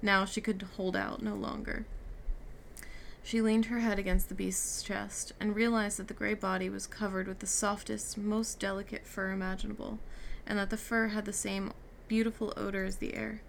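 A woman's voice: mid-range voice, level tone, normal speed, vocal fry, a little hiss or hum. A woman reading a novel aloud, giving the characters' lines light shifts. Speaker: reader. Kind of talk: audiobook reading with character dialogue.

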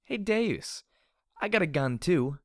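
A man voicing a drunk, giddy young mare who taunts loudly in a read-aloud story. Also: high voice, very animated, takes it slowly, no room sound, clean studio sound, voice pushed up, exaggerated voice. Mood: taunting. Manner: loud, taunting and slurred. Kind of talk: audiobook character reading.

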